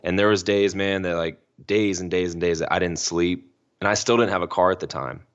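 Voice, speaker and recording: A man's voice: low-pitched, steady tone, brisk, dull audio. A young man telling a personal story on a podcast as a guest, casual and slangy, full of "like" and "you know".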